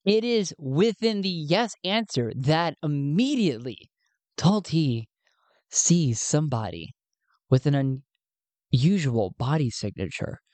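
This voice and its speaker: A woman's voice: low-pitched, expressive, slow pace, darkish tone, dry recording. A woman narrating a solo tabletop game, thinking aloud as she rolls dice.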